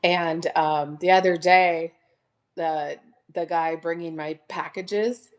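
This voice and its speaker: A woman hosting a casual live sale from home, chatting warmly and gushing over each item. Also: on the low side, fairly even intonation, slow. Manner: chatty, gushing, addresses viewers as "you guys". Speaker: online live-sale seller. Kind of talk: casual live-stream selling chat.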